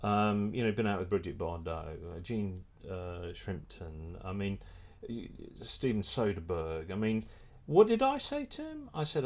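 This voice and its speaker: A middle-aged man, a photographer and filmmaker, telling a lively anecdote in a casual interview, restarting his sentences often. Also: lowish voice, unhurried, hardly any pauses. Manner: animated storyteller, many restarts.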